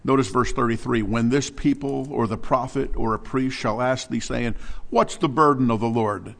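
A man teaching scripture verse by verse in a mid-pitched voice. He is animated, stumbles and restarts words, and keeps checking in with his listeners with quick questions. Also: vocal fry. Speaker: Bible teacher.

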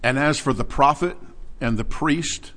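A man teaching scripture verse by verse in a mid-pitched voice. He is animated, stumbles and restarts words, and keeps checking in with his listeners with quick questions. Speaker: Bible teacher.

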